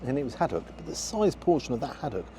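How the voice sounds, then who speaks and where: A man's voice: medium pitch, very animated, fast, background noise. A man giving a frank, disappointed running commentary as he tastes food outdoors for his review vlog.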